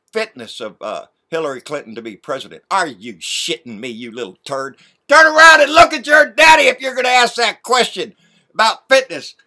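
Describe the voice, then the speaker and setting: A man's voice: high-pitched, pushed and bright. A man delivering a blunt, profane, folksy political rant as a vlogger.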